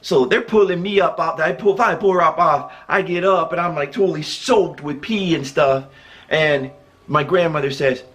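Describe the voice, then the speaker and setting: A man's voice: fairly high pitch, moderate pace. A man telling a funny personal story in a casual way, chuckling often as he goes. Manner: animated, jokey delivery.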